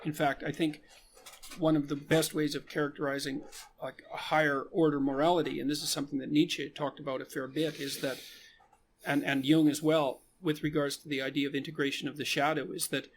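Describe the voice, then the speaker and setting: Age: adult. Sex: man. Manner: measured, flat, gravelly. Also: on the high side, slight background noise. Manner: measured, thinks aloud with hesitations. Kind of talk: reflective spoken argument.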